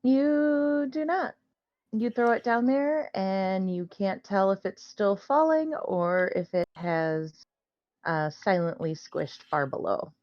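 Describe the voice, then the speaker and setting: A woman serving as dungeon master who narrates a tabletop game in a relaxed, easygoing way. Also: medium pitch, takes it slowly, dry recording, highs cut off.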